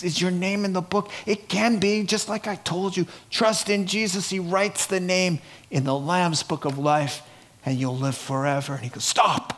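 A man preaching a sermon, swinging from hushed, quiet lines to loud, laughing outbursts. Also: on the high side. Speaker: pastor.

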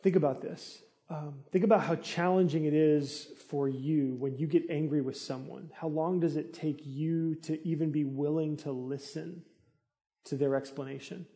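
Casting: middle-aged male pastor, conversational sermon delivery, slightly high voice, earnest. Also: fairly even intonation, moderate pace, mellow. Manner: earnest, conversational preaching with rising intensity.

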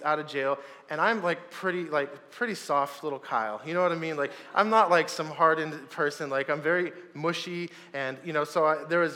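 A man preaching, telling a personal story in a casual, animated way with loud bursts. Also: a little high, big-room sound. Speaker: pastor.

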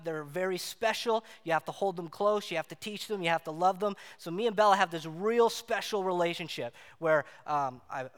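A man preaching a sermon, telling a personal story in an animated way and acting out the voices in it. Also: sits high, clear, resonant tone. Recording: long hall reverb.

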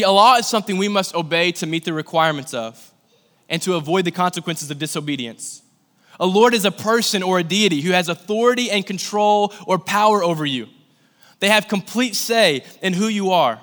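Bright-voiced young man preaching in a hall. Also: sits high. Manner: conversational, animated storytelling with acted-out asides. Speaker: pastor. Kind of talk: sermon. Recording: long hall reverb.

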